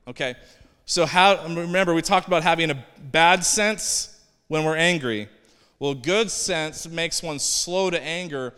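A man's voice: on the high side, unhurried, pushed and bright, clean tone. A man preaching a conversational sermon as a pastor, acting out the people he quotes. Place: church sanctuary. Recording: long hall reverb.

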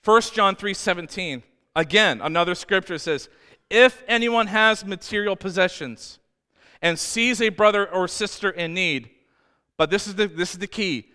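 Man, pastor, high clear voice, emphatic sermon, long church hall reverb. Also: normal speed. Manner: emphatic, swings from loud to hushed; humorous asides.

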